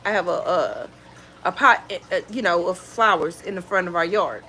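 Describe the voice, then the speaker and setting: Lively woman telling home stories. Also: fairly low pitch, normal speed, slight background noise. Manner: animated, exclaiming, dramatic retelling. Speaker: lifestyle vlogger. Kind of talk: casual storytelling chat.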